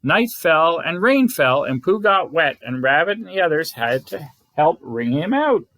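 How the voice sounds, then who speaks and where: Expressive man reading a bedtime story. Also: fairly high pitch, a little slow. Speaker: scout leader.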